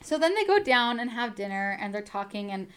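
A woman's voice: on the high side, sing-song, fairly quick, a bit bright, clean tone. A woman co-hosting a casual chat, eagerly retelling a book's plot, laughing and acting out the quoted lines. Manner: chatty, laughs often, acts out quoted lines. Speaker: podcast co-host recapping a book.

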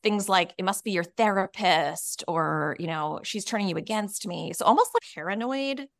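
A woman's voice: mid-range voice, normal speed, creaky, no room sound, clean studio sound. A woman who writes and coaches, telling a personal story in a podcast interview, earnest and frank, with many "you know" and "like" fillers. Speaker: podcast guest, author and coach.

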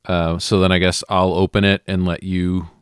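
A man's voice: sits low, little pitch movement, moderate pace, clean tone, no echo, clean studio sound. A man playing a tabletop game, talking in a hesitant, easygoing way. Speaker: player.

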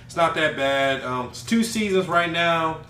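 A man's voice: on the high side, animated, unhurried, bright, forceful tone, slight background noise. Laid-back man in an echoey room. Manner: loose, laughing, slangy banter. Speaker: podcast host. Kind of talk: casual podcast chat. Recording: echoey room, off-mic, faint ambience.

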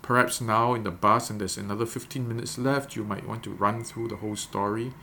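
A man leading a devotional guided meditation, gently coaching listeners step by step before reading scripture. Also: fairly low pitch, fairly even intonation, brisk, slight background noise. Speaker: devotional leader.

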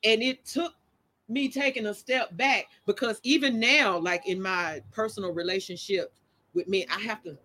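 A woman's voice: mid-range voice, moderate pace, sharp tone. Candid, emphatic woman podcast host. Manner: candid, emphatic, laughs easily. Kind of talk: casual chat.

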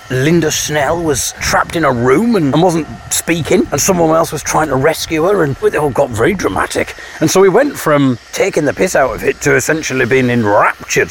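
Chatty man with a gravelly voice. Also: fairly high pitch, a little hiss or hum. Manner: mimics voices when retelling. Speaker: vlogger. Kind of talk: casual storytelling monologue. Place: home, eating with partner.

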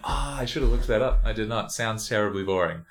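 A man's voice: lowish voice, animated, a little fast. A man co-hosting a podcast in casual chat, joking, rambling and laughing often. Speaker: podcast co-host.

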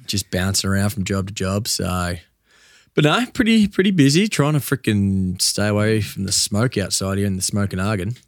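A man's voice: fairly low pitch, lively intonation, moderate pace, no room sound, clean studio sound. A man guesting on a casual podcast, telling stories in a laid-back way and swearing freely. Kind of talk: casual chat.

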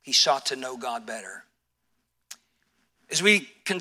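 A male pastor, older, preaching a sermon and telling a personal story, animated, with frequent restarts and fillers. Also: medium pitch, slow, pauses often, breathy edge.

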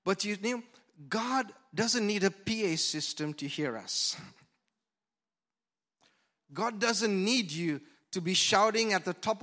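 A man preaching a lively sermon as pastor, swinging from loud shouts to soft whispers into a handheld mic in a church. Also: sits high. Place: church hall.

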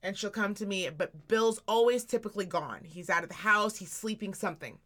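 A woman's voice: medium pitch, fairly quick, a bit bright. A woman in her thirties chatting casually as a podcast co-host, candid and full of profanity as she tells family stories. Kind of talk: casual chat.

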